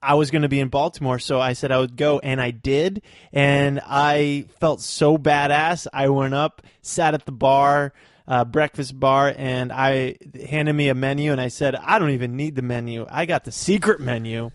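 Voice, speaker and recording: A young adult man co-hosting a casual podcast, telling stories slowly and laughing easily. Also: mid-range voice, fairly even intonation, dry recording, studio quality. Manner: slow-talking, laughs easily, chatty storyteller. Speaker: podcast co-host. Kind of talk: casual chat.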